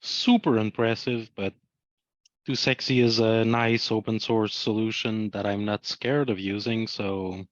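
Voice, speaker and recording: A man with a fairly low voice casually walks others through his website work, stringing thoughts loosely with plenty of fillers. The audio is dry and slightly muffled, like a call microphone. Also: measured pace, no echo. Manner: relaxed, filler-heavy, loosely strung phrases. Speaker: web developer showing his work. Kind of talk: casual show-and-tell on a video call.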